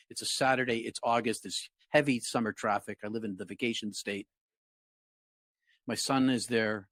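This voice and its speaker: An earnest man in his sixties tells a personal story with reflective calm, pitched right in the middle for a man. The sound is close and dry, with no room around it. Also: dry recording. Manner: earnest, reflective, acts out his own past words. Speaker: interview guest.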